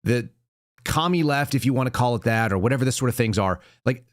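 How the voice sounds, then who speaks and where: A man's voice: mid-range voice, expressive, fast talker, no room sound, clean studio sound. A man hosting a live political commentary show, talking casually and bluntly with sardonic, rambling asides. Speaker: podcast host.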